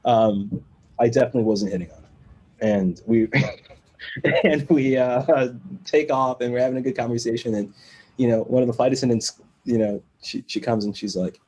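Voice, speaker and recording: Mellow-voiced man telling a lively story. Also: mid-range voice, moderate pace, low-quality recording. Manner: animated storyteller who acts out quoted voices and laughs between lines. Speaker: podcast guest, musician. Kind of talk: casual interview storytelling.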